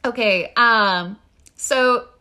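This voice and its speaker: Bright-voiced excitable woman. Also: a little high, drawn-out words. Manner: excitable, laughs often, exclaims. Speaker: guest expert. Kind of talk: casual podcast chat.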